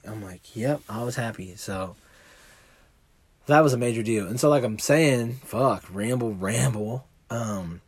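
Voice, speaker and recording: A man's voice: fairly low pitch, measured pace, darkish tone, breathy edge. Rambling, profane male podcast host. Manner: rambling, profane, laid-back. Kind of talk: casual monologue.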